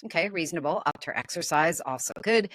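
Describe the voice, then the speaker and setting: A woman's voice: low-pitched, lively intonation, quick pace, a bit bright, no echo. A woman hosting a casual podcast, reading odd news stories aloud and laughing at them. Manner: amused, laughs often, comments while reading. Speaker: podcast host.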